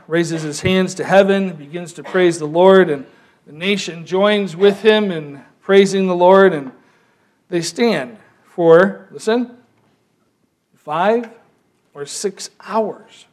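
A man preaching a sermon as pastor, telling the story with lively, animated delivery and acting out voices. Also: high-pitched.

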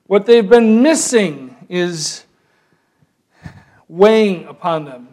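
A pastor preaches a sermon in a high-pitched, slow voice, telling the story with lively, animated delivery and acting out the different voices.

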